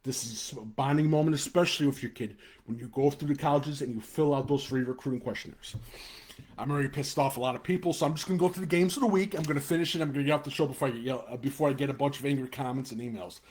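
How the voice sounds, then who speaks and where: Man, chicago-area accent, blunt fired-up webcast host, middle pitch. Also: racing, a little mellow, husky. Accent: Chicago-area American. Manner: blunt, fired-up, swears then apologizes. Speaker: high school football show host. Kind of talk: live webcast rant and game preview.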